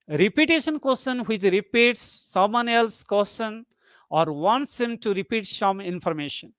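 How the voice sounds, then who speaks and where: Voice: mid-range voice, lively intonation, measured pace, fairly bright tone, dry recording. A lecturer in a webinar on intonation who says each example sentence twice. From South Asia.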